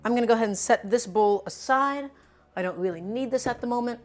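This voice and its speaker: A woman's voice: a little high, quick pace. A young woman talks her way through a home-kitchen cooking stream in a loose, chatty voice. She jokes with viewers and answers their questions as she works. Faint music plays behind her. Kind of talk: casual live-stream cooking chat.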